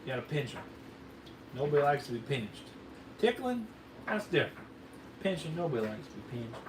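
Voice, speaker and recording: Sitting on the high side, his voice swings widely in pitch at a moderate pace. He plays up a fake Southern drawl as host of a fireworks video, folksy and joking while rambling through a casual demo for the cameraman. Recorded on the camera mic, the sound is roomy, distant and faintly noisy.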